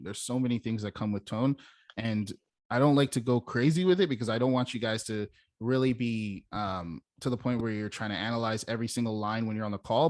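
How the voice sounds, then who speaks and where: A man's voice: medium pitch, no room sound, studio quality. A young man teaching as a sales coach in a casual, emphatic way, demonstrating how stressing different words changes meaning. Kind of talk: casual instructional talk.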